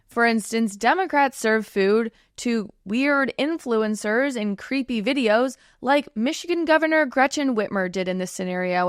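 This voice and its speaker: A woman's voice: on the high side, no echo, studio quality. A woman hosting a political commentary show, talking casually and sarcastically and laughing often.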